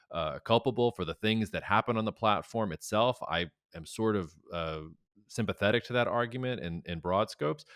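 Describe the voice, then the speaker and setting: A man co-hosting a podcast, giving casual analysis in a measured, explanatory way. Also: sits low, fairly bright tone, dry recording, studio quality. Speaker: co-host analyst.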